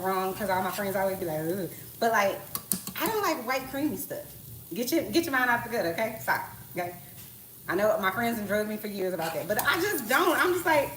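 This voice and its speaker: A woman's voice: mid-range voice, noisy background. A woman in her thirties chatting casually through a home cooking live stream, slangy and full of asides and rhetorical questions. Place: home kitchen. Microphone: tablet propped on the counter. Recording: echoey kitchen with cooking clatter. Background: clatter of pots, utensils and stirring.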